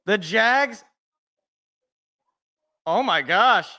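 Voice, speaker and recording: A man's voice: high voice, expressive, drawn-out words, pushed and bright. A young man hosting a live reaction stream, chatting casually and thinking aloud as he reacts, chuckling to himself now and then.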